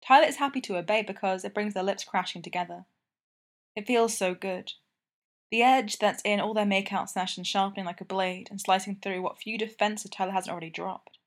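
A woman narrating a romance novel as an audiobook, in steady, intimate storytelling. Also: medium pitch, fairly quick.

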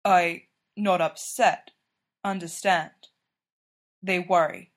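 Woman voicing a foreign male hockey player, broken English, slow, lowered voice, careful. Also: steady tone. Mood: gentle.

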